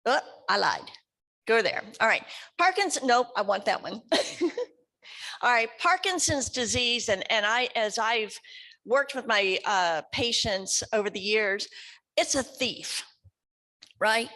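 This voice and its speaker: Addressing a support group, a West Kentucky speech therapist from the USA gives a conversational educational talk and often asks the audience questions. Her fairly high voice is animated, pushed and bright, unhurried, with frequent pauses.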